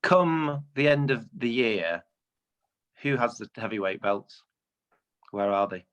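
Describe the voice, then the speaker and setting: A British man co-hosting a casual podcast chat, talking in quick bursts with stammering repeats. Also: lowish voice, animated, fairly bright tone, smooth. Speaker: podcast co-host.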